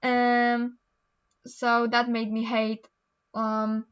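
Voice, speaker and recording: A woman's voice: a little high, monotone, drawn-out words, smooth, muffled recording. Chatty young woman with a Polish accent. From Poland. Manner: chatty, rambling with many ums and restarts. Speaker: vlogger. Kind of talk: casual chat while doing homework.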